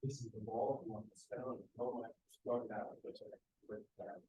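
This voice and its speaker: Male instructor, mid-pitched, upbeat hands-on coaching with quick praise, echoey training room. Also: steady tone, dark tone, slight background noise. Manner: encouraging, quick praise, short corrections. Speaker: martial arts instructor. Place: martial arts school, indoors.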